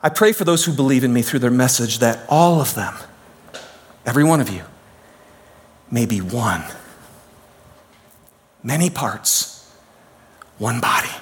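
A man preaching a sermon as pastor, swinging from shouts down to hushed, quiet lines. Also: medium pitch, lively intonation, measured pace, pauses often, a little hiss or hum.

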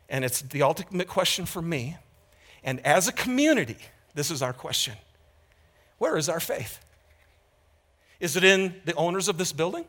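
A man preaching with a bright, slightly high voice that rises and falls widely. He talks to the congregation candidly and conversationally, building to loud emphatic peaks and then dropping to a hush. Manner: animated and emphatic, swinging from loud to hushed. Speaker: pastor. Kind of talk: sermon.

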